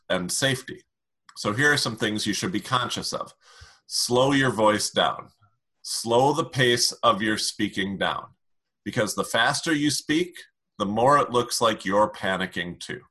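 A man explaining communication strategy in an interview, calm and emphatic as he gives advice. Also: lowish voice. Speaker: communication expert.

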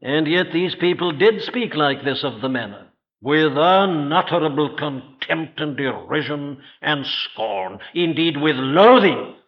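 Delivering an evening sermon in church, a man speaks earnestly and rhetorically, addressing questions to the audience and slowing for emphasis. His voice is a little high with lively intonation, preserved in an old, dull, lo-fi recording.

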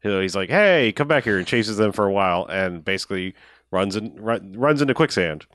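A man's voice: low voice, brisk, a bit bright, clear, resonant tone, dry recording, studio quality. A man co-hosting a casual podcast, retelling a movie with profanity and acted-out quotes. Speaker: podcast co-host. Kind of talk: casual chat recapping a movie.

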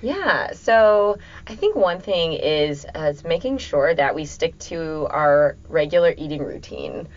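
A woman explaining healthy eating habits in a relaxed conversation, easygoing and full of everyday examples. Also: deep voice, a little slow, hardly any pauses. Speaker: guest nutrition expert. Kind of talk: casual podcast conversation. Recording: dull lo-fi audio.

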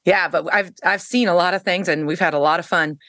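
A woman guest on a podcast tells a personal story in an unscripted, chatty way. Her voice sits a bit low, and she jumps higher when she acts out what people said. The sound is dry and close to the mic. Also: a little fast, no room sound. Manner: animated storyteller, acts out quoted lines in a raised pitch; frequent fillers and restarts. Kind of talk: casual storytelling interview.

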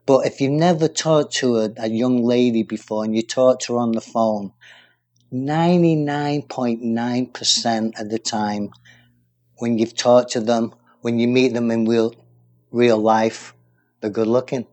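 Male co-host, from England, rambling and enthusiastic, mid-pitched easygoing chat. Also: measured pace, a little mellow. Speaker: radio show co-host. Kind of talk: casual music chat.

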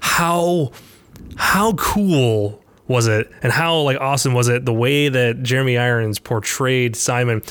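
A man in easygoing podcast chat about films, his medium-pitched voice rambling and looping back on itself. He restarts sentences often and breaks into laughter as he goes. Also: a little slow, a bit bright, clear, resonant tone. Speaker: podcast co-host. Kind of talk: casual movie discussion.

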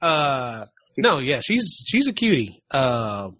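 A man's voice: medium pitch, big pitch swings, slow pace, a bit bright, no room sound. Rambling man hosting a geeky podcast. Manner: rambling with restarts, swearing. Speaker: podcast host. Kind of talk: casual chat.

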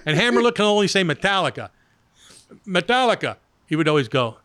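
Man, sports radio guest, high voice, very animated pitch, rambling storyteller, dry close mic. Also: racing, clear, resonant tone, no room sound. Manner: rambling anecdotes full of "you know" and acted-out quotes. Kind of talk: casual storytelling chat.

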